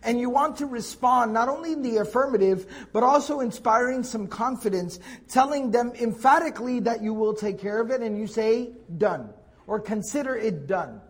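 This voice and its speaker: High-voiced man teaching Quran tafsir. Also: fairly quick, hardly any pauses. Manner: explanatory, stresses key words, frequent restarts. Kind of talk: classroom tafsir lecture.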